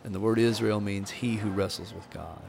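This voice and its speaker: A crowd can be heard behind a podcast host, a former minister, as he earnestly tells stories in a candid conversation about grief. His manner is preacherly, and his lowish, gravelly voice holds a steady tone at a fairly quick pace.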